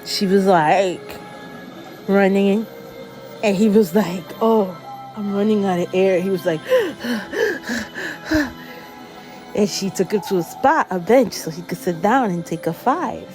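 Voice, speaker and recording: A woman casually telling a scary story in a rambling, unhurried way, full of fillers like "he goes". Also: medium pitch, over music.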